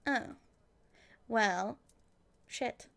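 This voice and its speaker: A woman's voice: on the high side, drawn-out words, gravelly, fairly bright tone, exaggerated voice. A woman voicing a sarcastic young witch working as a security guard.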